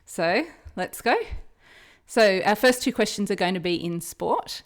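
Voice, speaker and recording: A woman's voice: mid-range voice, unhurried. A middle-aged woman with an Australian accent, chatting casually and laughing often as a guest quizmaster on a trivia podcast. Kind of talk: casual podcast chat and quiz hosting.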